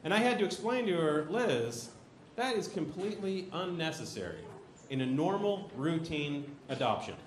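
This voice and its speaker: A man telling a stand-up comedy story on stage, peppering each beat with "right?" and leaping into loud character voices. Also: moderate pace, slight background noise. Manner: animated storytelling, jumps into shrill shouted voices for characters; tag questions "right?" after nearly every beat. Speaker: stand-up comic. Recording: roomy club sound with audience.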